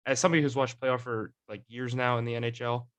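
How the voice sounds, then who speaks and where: A man's voice: medium pitch, fairly even intonation, fast talker, a bit bright. A young man hosting a casual sports podcast, rambling with many fillers and restarts. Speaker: podcast host.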